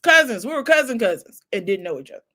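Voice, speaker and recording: A middle-aged woman talks casually to her viewers about her family, her voice sitting in an ordinary middle range. She tells the stories with feeling, dropping into soft asides and breaking into laughs along the way. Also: mid-range voice, very animated, rapid-fire. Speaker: host. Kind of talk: casual heartfelt storytelling.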